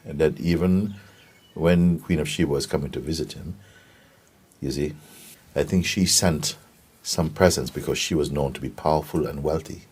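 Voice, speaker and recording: A man giving a gentle spiritual talk and telling stories, often checking in with his listeners. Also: rumbling low, breathy edge. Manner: gentle, unhurried, keeps asking "you see?". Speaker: spiritual teacher.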